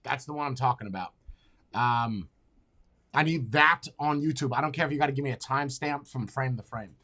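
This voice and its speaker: A man hosting a podcast in casual chat, talking bluntly and excitably with plenty of swearing. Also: medium pitch, brisk. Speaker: podcast host.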